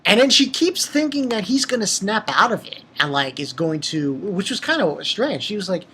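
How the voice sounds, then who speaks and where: A man casually recapping a manga chapter for his channel, rambling and excitable, with lots of fillers and restarts. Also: high voice, normal speed, a little hiss or hum. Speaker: manga review channel host.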